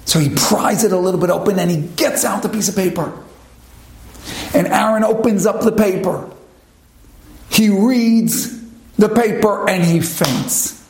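A man's voice: a little slow, vocal fry, pauses often, darkish tone, reverberant, low-quality recording. A man telling a dramatic story, acting out the voices of the people in it. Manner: dramatic, shifting pace and pitch for characters. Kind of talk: spoken storytelling with acted quotes.

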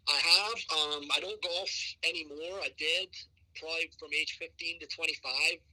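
A man's voice: on the high side, fairly even intonation, normal speed, pushed and bright, rough recording. A middle-aged man from Scotland with a mild Scottish accent, a college soccer coach answering podcast questions in a rambling way full of "you know". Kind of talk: podcast interview.

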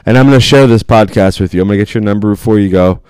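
A man's voice: lowish voice, rapid-fire, a little mellow, clean tone, no room sound. Effusive man co-hosting a podcast. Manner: effusive, joking. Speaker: podcast co-host. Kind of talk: casual podcast banter.

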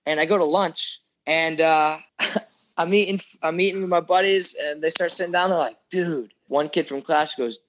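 A man's voice: on the high side, fairly even intonation, normal speed, fairly bright tone, rough recording. A young man in casual podcast chat, telling a long story with swearing and jokes, acting out his friends' lines. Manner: profane, joking, acts out quoted friends.

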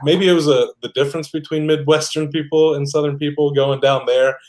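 A man's voice: a little high, fairly even intonation, fairly quick, a little mellow. A blunt man, a co-host, in casual chat who laughs often.

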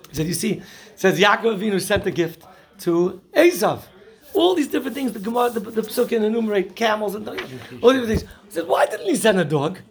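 A man teaching a Torah class, telling jokes and stories and mixing Hebrew and Yiddish terms into his English. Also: sits high. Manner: animated storyteller who laughs at his own jokes.

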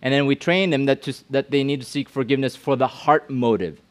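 A man's voice: medium pitch, a little fast. A middle-aged male pastor giving a youth sermon in a conversational way, often asking the room questions and repeating himself.

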